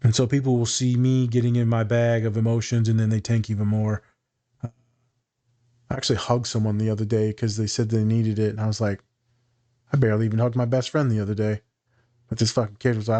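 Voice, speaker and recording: A man's voice: on the low side, flat delivery, a little fast, warm tone. A man who works as a therapist, co-hosting a podcast in a candid, casual way, swearing freely. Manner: candid and profane, laughs often.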